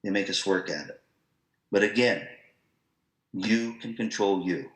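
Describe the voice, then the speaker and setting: A man presenting an online professional-development talk to music teachers, in a lively, conversational, storytelling manner. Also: on the low side, measured pace, roomy sound, rough recording.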